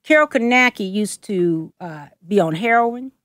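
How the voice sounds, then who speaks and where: A woman's voice: mid-range voice, expressive, a little slow, a bit bright, no room sound, studio quality. A woman from the Bay Area with a Southern Atlanta twang, a prophetess guest speaking emphatically and preacherly, repeating her phrases. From Oakland and Berkeley, California. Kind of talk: casual interview talk.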